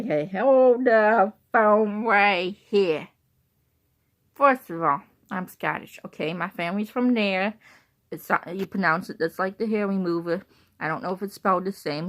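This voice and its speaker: A woman's voice: lowish voice, a bit bright. A woman talking casually to her viewers, rambling and repeating herself, with bursts of laughter between thoughts. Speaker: vlogger.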